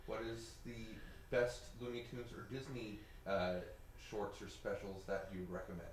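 A soft-spoken man asking a question in casual conversation. His voice sits fairly low. He sounds distant and echoey, with a faint hiss underneath. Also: steady tone, moderate pace. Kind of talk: casual chat.

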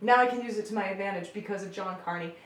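Woman, stage magician, animated storyteller with a mid-range voice; roomy room, faint background hiss. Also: mid-range voice, racing. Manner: animated storyteller who acts out quoted voices. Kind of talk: casual podcast chat.

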